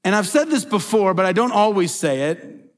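In the long reverb of a large church sanctuary, a middle-aged pastor delivers an emphatic sermon at a moderate pace. His voice is high-pitched and sing-song, and he leans on repeated phrases and rhetorical questions.

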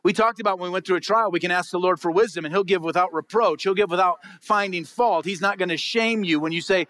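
A man's voice: high voice, fast talker, hardly any pauses, fairly bright tone, no room sound. A man preaching a sermon to his congregation in a conversational way, asking them rhetorical questions. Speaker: pastor. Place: church before a congregation.

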